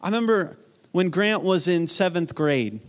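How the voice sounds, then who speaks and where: A middle-aged man preaching a sermon, earnest, swinging from emphatic peaks to soft, hushed storytelling. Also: sits high, animated, normal speed. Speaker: pastor.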